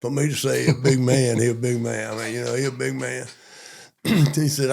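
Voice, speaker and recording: Gravelly older Southern man telling stories. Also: medium pitch, a little fast. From Monroe, Georgia. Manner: folksy, repetitive, animated retelling. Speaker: police chief and interview guest. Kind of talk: storytelling in an interview.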